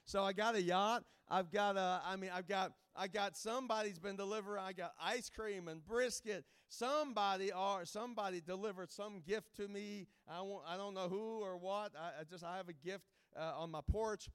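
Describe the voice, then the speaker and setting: A man's voice: high-pitched, steady tone, normal speed, hardly any pauses, fairly bright tone, clear, resonant tone. A man speaking as a guest evangelist, giving a jokey, rambling informal sermon to a camp with many restarts.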